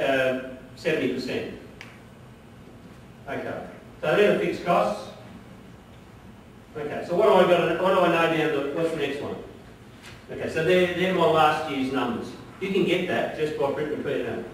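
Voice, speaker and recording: A man's voice: fairly high pitch, a bit bright. A man presenting a live business seminar, chatty and often checking in with his audience. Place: seminar room at an arts centre. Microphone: distant room mic. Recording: very echoey hall from far off, faint noise.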